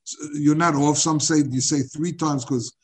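A man teaching a Talmud class, halting and repeating words as he searches for them. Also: fairly high pitch, steady tone, breathy edge.

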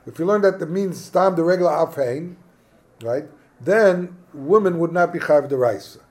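A man leading a Talmud study class, explaining the text animatedly and thinking aloud with quick restarts. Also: on the high side, lively intonation, darkish tone. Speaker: Talmud teacher.

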